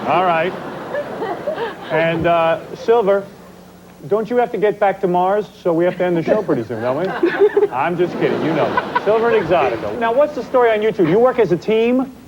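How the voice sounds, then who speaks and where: Teasing male game show host, high voice. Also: expressive, dull audio, background noise. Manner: teasing, quick with jokes. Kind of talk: wisecracking game show hosting.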